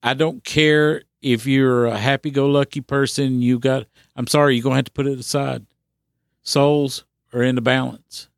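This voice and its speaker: A man's voice: medium pitch, steady tone, normal speed, creaky, no room sound, clean studio sound. A man preaching a podcast sermon in an earnest, repetitive exhorting manner with frequent restarts.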